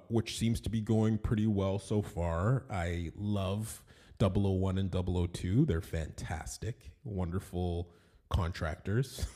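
Man, podcast host, lowish voice, dark mellow tone, rambling and chatty. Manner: rambling, chatty, laughs at himself. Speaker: podcast host and animation studio owner. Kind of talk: casual solo podcast monologue.

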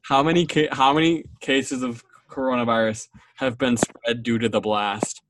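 A teenage student chatting casually with friends on a call, asking teasing questions. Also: male voice, medium pitch, steady tone, normal speed, background noise.

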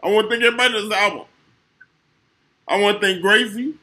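A man's voice: sits high, steady tone, fast talker, pushed and bright. A man from co-hosting a podcast, tearful and rambling as he thanks people, casual and profane. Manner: emotional, rambling thank-yous, swearing. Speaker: podcast co-host. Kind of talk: casual chat.

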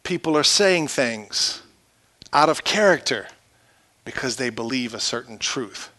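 A male pastor preaching a sermon in a church, swinging from loud shouted peaks to quiet low asides. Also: expressive, a little slow.

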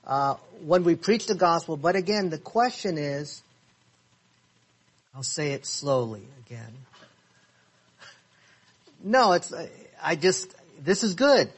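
A man leading a Bible study class, his voice a little high and husky. He speaks very slowly, reads verses with care and keeps putting questions to the class. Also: very animated. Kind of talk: interactive Bible study lesson. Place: church classroom.

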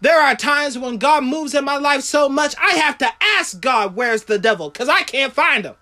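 High, bright-voiced impassioned woman preacher. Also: animated, moderate pace. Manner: impassioned preaching, swinging from loud declarations to hushed lows; reads scripture aloud in King James wording. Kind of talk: sermon.

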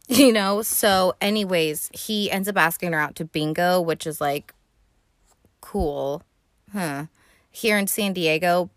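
Young woman host, lowish voice, dry close sound, chatty and profane movie recap, loose and rambling. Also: dry recording. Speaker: podcast host. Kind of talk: casual movie recap chat.

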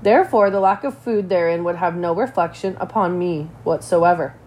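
A woman's voice: lowish voice, normal speed, a little mellow, a little hiss or hum, close to an everyday voice. A woman reading a children's novel aloud, voicing a formal, precise boy genius in stiff, exact phrasing.

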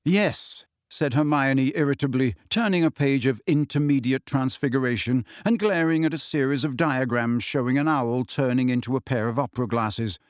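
Man narrating an audiobook, measured. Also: mid-range voice, dry recording, clean studio sound. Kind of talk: scripted narration.

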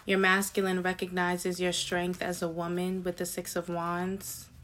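Low, flat-voiced woman reading tarot. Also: a little slow, slight background noise. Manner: chatty and slangy, with excited asides. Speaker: tarot reader. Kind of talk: casual tarot reading to viewers.

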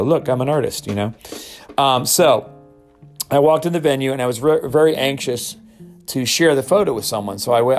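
A man's voice: medium pitch, a little mellow. A middle-aged man hosting a show, telling a story casually and acting out quotes in raised voices. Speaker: podcast host.

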